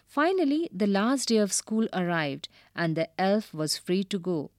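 Slow, expressive woman reading a storybook. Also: medium pitch, no room sound, clean studio sound. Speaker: teacher. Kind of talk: reading a storybook aloud with vocabulary lessons.

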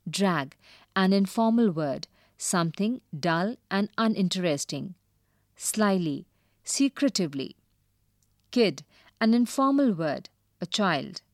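Slow, expressive woman reading a storybook. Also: mid-range voice, dry recording, studio quality. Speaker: teacher. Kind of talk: reading a storybook aloud with vocabulary lessons.

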